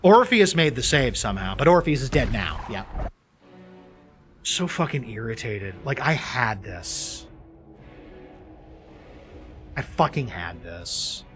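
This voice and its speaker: A man's voice: mid-range voice, big pitch swings, unhurried, a bit bright, soft background music. A young man streaming a video game, ranting and swearing in frustration as he comments on a battle. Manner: swears a lot, exasperated ranting. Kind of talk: frustrated live gameplay commentary.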